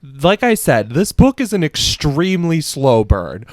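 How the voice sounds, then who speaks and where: A man's voice: mid-range voice, expressive, a little slow, few pauses, no echo. A man hosting a podcast, reviewing a book in casual chat, profane and sassy, rambling with many fillers and laughs. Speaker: podcast host.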